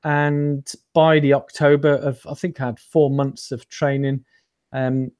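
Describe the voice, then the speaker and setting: A man's voice: mid-range voice, level tone, a little slow, a little mellow, clean tone. A man telling his story as an interview guest in a rambling, self-deprecating way, with many ums and restarts. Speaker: interview guest, amateur runner. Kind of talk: casual storytelling chat.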